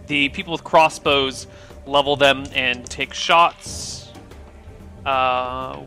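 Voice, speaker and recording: A man acting as game master, narrating scenes and calling for dice rolls in a relaxed, descriptive way. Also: medium pitch, faint music behind. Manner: descriptive, unhurried scene-setting.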